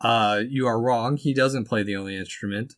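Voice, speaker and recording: A man's voice: mid-range voice, normal speed, fairly bright tone. A man co-hosting a podcast, chatting casually about a movie in a dry, offhand way. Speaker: podcast co-host. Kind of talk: casual movie review chat.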